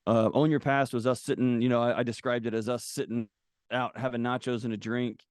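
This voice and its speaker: Male guest, candid storyteller, mid-pitched, close dry podcast mic. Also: fairly quick, clear, resonant tone, dry recording. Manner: candid, animated, acts out quotes. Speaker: guest author. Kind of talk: casual conversational storytelling.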